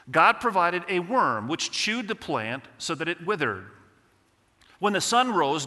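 Pastor guy preaching, bright forceful voice, church hall reverb hanging on every line. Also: fairly high pitch. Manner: conversational preaching, reads scripture slowly, asks the congregation questions. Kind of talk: sermon. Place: church sanctuary.

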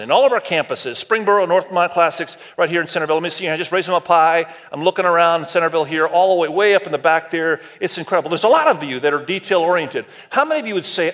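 A man preaching a sermon to a congregation across several campuses, talking in a lively, conversational way and asking the audience for raised hands. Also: on the high side, brisk, hardly any pauses. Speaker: pastor. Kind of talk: sermon to a multi-campus church.

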